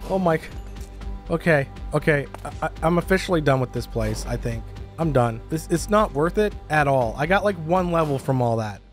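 A man narrating and reacting live as a gaming YouTuber, excitable and quick to cry out in alarm. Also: fairly high pitch, music in the background. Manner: excitable, lots of startled exclamations. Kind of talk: let's-play commentary with narration.

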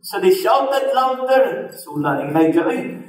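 A man with a Cebuano Filipino accent preaching a sermon, mixing English and Cebuano and telling a story with lively asides to the congregation. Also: high-pitched, a little slow. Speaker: pastor. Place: church service in a hall. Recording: echoey hall from a distant mic.

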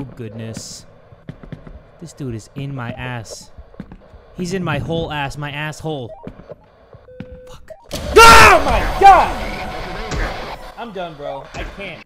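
A young man playing a horror video game, commenting as he goes, jumpy and swearing, letting out yelps and shouts when scared. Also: fairly high pitch, background noise. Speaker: gaming YouTuber. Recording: game music under the voice. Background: game music.

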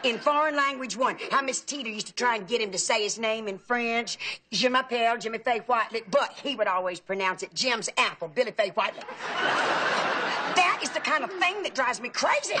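An actress playing a chatty, fussy aunt who rambles through gossip and stories. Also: female voice, on the high side, expressive, a little fast, bright, forceful tone, slight background noise. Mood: gossipy. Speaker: aunt staying with the family. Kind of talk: sitcom acting.

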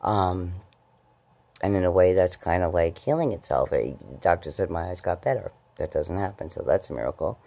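A woman talks into her camera at home in a low, gravelly voice with a dark, mellow tone. Her pitch swings a lot as she rambles loosely from thought to thought. At times she jumps up high into baby talk with her cats. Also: lively intonation, moderate pace. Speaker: vlogger. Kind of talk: casual late-night vlog. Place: at home, indoors.

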